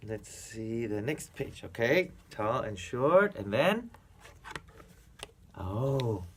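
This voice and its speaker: A man reading a children's picture book aloud to a young child as a reading teacher, playful, with animal sounds and soft whispers. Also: mid-range voice, big pitch swings, drawn-out words, pauses often, a little hiss or hum.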